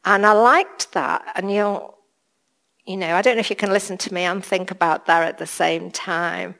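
A woman's voice: on the low side, fairly even intonation, normal speed, vocal fry, a bit bright. A woman giving a sermon, telling a personal story and acting out the voices of the people in it. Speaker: preacher.

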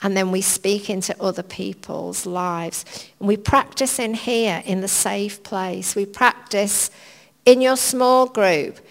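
A woman preacher giving an informal sermon in a church hall, chatty, anecdotal and gently humorous. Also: medium pitch, slow pace, vocal fry. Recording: long reverb of a church hall.

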